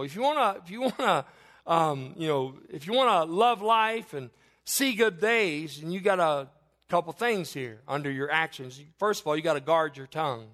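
A man's voice: on the high side, expressive, moderate pace, fairly bright tone. A man preaching a sermon as pastor, emphatic, repeating phrases and asking the congregation questions. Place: church.

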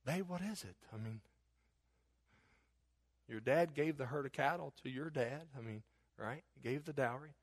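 A man voicing a young woman who gently tells her fiancé hard news in a soft, pleading way. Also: medium pitch, normal speed, pauses often, no room sound, clean studio sound, pitched below the performer's own voice, lightly acted. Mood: hushed, pleading.

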